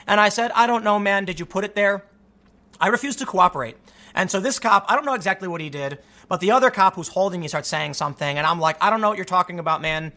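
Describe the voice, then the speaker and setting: A man's voice: high-pitched, sharp tone. A young man from the United States telling a story casually, with many restarts and stammers, acting out the people he quotes.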